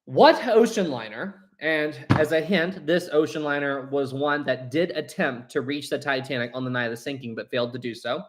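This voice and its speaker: Lively young male livestream host. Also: on the high side. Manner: animated, chatty, talks straight to the chat. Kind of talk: live stream quiz hosting.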